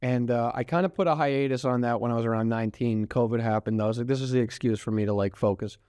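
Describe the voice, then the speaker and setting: A man's voice: mid-range voice, steady tone, quick pace, darkish tone, smooth, no room sound, studio quality. A young man in his twenties with a New York accent, chatting as a guest on a podcast in a loose, rambling way, swearing freely and laughing often. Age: 20s. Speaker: guest comedian. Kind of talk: casual podcast chat.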